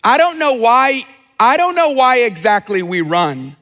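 A man's voice: very high-pitched, animated, unhurried, bright, forceful tone. A man preaching a sermon in a conversational way, often repeating phrases for emphasis. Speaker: pastor. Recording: long reverb of a hall.

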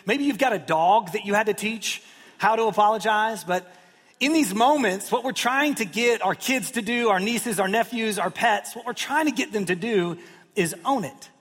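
A man in his thirties preaches to his congregation in an easy, joking way, acting out little quotes along the way. His voice sits high for a man. The sound carries a long reverb, as if from a large church sanctuary. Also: moderate pace, fairly bright tone. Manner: conversational, self-deprecating humor with acted-out quotes. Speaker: pastor. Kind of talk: sermon.

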